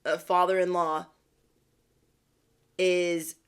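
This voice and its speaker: A woman vlogger in a chatty, animated retelling of a family story, using slang as she talks to her viewers. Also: fairly low pitch, very slow, clear, resonant tone. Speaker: spiritual vlogger. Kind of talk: casual storytelling.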